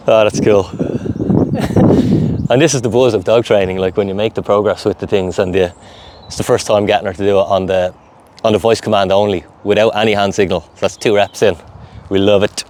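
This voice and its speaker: A man's voice: lowish voice, normal speed. A man dog trainer giving commands, cheerful praise and running explanations during a live training session outdoors. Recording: outdoor background noise.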